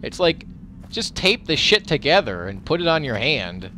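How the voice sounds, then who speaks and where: A man giving let's play commentary over his gameplay. He reacts loudly and profanely, talks back at the enemies and mutters while he loots. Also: on the high side, normal speed, a little hiss or hum. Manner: excitable, profane, talks to the game as he plays. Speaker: gaming commentator.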